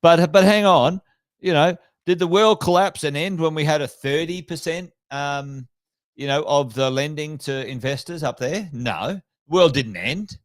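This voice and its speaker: Blunt, sweary Australian man with a higher voice. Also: a little slow, no room sound. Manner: blunt, sweary, mocking impressions of officials. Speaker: podcast co-host. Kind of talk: casual banter on finance.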